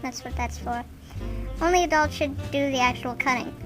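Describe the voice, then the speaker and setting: A woman's voice: high voice, moderate pace, over music, close to an everyday voice, poor audio. A woman voicing a rambling, mumbling male actor who gives a muddled how-to tutorial in a radio comedy. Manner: rambling, unsure, trailing off.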